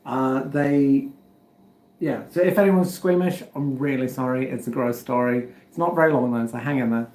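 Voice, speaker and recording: A man with an English accent and a mid-range, darkish voice at normal speed chats casually to his livestream viewers in a roomy, echoey home recording. He rambles and pokes fun at himself while telling a story and fiddling with his setup.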